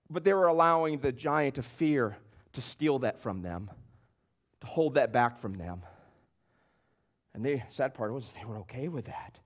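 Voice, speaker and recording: High-voiced man preaching with emphasis. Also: animated, a little slow. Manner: emphatic, repetitive preaching with rising bursts. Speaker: pastor. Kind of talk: sermon.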